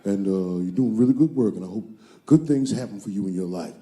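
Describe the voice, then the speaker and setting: Male comic doing a deep, measured, courteous older man; noisy stage recording. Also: expressive, lightly acted. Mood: polite.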